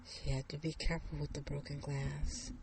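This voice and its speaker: A woman narrating a story in a hushed, suspenseful way. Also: deep voice, level tone, moderate pace, heavy background noise.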